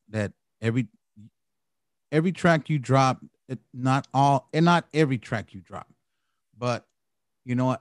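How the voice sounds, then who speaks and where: A man's voice: mid-range voice, dry recording, studio quality. A man hosting a podcast who reviews a song in casual chat. He rambles loosely and swears freely. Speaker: podcast host reviewing music.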